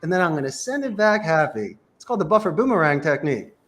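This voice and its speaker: A man's voice: on the high side, big pitch swings, quick pace, a bit bright. A man giving emphatic, punchy sales coaching in a panel conversation. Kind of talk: energetic advice in a panel chat.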